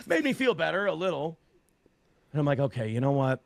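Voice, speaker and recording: Animated, gravelly-voiced man telling a story. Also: on the high side, a little fast, pauses often, dry recording. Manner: profane, animated retelling with voiced quotes. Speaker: interview guest. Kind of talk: storytelling in a casual interview.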